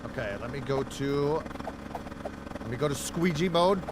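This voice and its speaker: A man's voice: a little high, animated, moderate pace, background noise. A man live-streaming a video game, chatting casually and profanely with his viewers while he plays. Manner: profane, rambling, talks to chat and the game. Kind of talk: casual gaming livestream chat.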